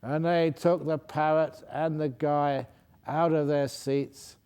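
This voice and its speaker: Male monk, humorous dharma talk, mellow voice, laughs a lot. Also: fairly high pitch, steady tone, slow, clear, resonant tone. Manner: light-hearted storytelling, laughing often, restarting phrases. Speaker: Buddhist monk and teacher.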